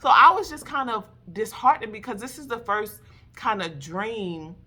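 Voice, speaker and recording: A woman sharing a personal faith testimony and exhorting wives, animated and emphatic, calling her listeners "baby". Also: fairly high pitch, moderate pace, slightly rough, faint music behind. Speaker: faith vlogger addressing wives.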